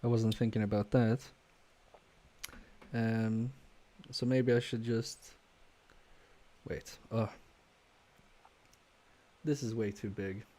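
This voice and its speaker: A man's voice: lowish voice, little pitch movement, slow pace, pauses often. A man streaming live while repairing electronics, thinking aloud in a hesitant, self-questioning way, with many fillers and trailing-off sentences as he works. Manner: quietly focused, mutters while working.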